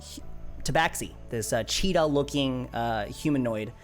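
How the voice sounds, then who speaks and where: A man's voice: medium pitch, moderate pace, soft background music. A young man narrating as game master of a tabletop game, casual and rambling with many restarts.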